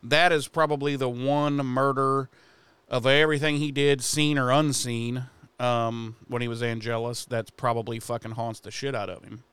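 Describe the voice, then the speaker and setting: A man co-hosting a podcast, casually recapping a TV episode in a profane, animated way. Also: medium pitch, moderate pace, smooth, dry recording. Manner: profane, animated retelling with quoted voices.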